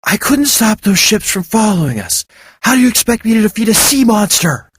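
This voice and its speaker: An anxious young heroine who talks fast and sharp under pressure, as a male narrator puts her on. Lifted high above his normal speaking voice, with a lively, swinging pitch. The sound is dry and close. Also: slightly rough, dry recording. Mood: urgent. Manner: urgent, sharp.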